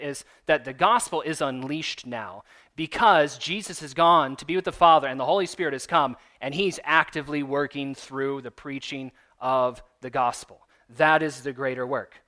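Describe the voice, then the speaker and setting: Bright-voiced man preaching a conversational sermon. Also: a little high. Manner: conversational, emphatic teaching with asides. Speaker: pastor.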